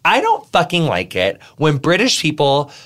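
A man chatting as a podcast guest, animated and rambling, swearing and restarting his sentences. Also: fairly high pitch, moderate pace. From United States. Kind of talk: casual chat.

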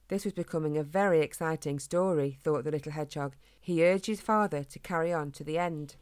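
A woman reading a children's storybook in a gentle, expressive way. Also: sits low, brisk, hardly any pauses.

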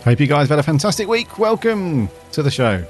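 A man co-hosting a fan podcast, chatty and upbeat, often pausing with ums. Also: a little high, big pitch swings, over music. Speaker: podcast co-host. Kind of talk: casual chat.

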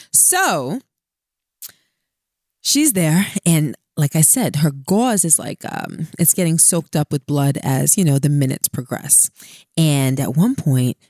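A middle-aged woman co-hosting a podcast, telling a family story in a casual, animated way and acting out quotes. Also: no echo, clean studio sound. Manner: animated, laughing, acts out quotes in high squeals. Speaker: podcast co-host.

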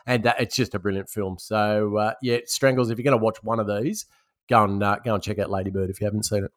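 Low-voiced man giving emphatic film picks. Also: steady tone, quick pace, dry recording, clean studio sound. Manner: emphatic, opinionated recommendations. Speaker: podcast co-host. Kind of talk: casual movie podcast chat.

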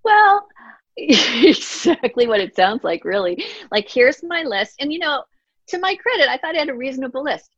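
A woman's voice: high voice, very animated, moderate pace, a bit bright, no echo, highs cut off. A middle-aged woman, an author and guest, speaking earnestly and from the heart in a reflective interview, often acting out her own past words.

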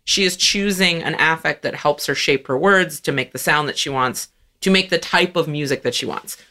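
A woman's voice: low-pitched, normal speed, sharp tone. A woman from San Francisco co-hosting a podcast in casual chat, playful and jokey. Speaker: podcast co-host.

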